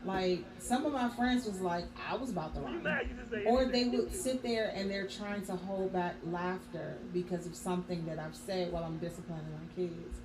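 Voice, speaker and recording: A woman with a fairly low voice speaks frankly on a talk radio show, often chiming in with agreement. Her voice rings in an echoey room, with crowd murmur behind her. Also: moderate pace. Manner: frank, backchanneling with mm-hmms. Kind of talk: casual chat.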